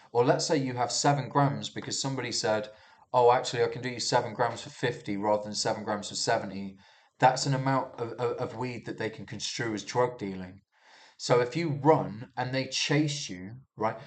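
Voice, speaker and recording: A man giving a casual monologue about the news, talking heatedly with lots of restarts and swearing. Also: medium pitch. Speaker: commentator reviewing the news.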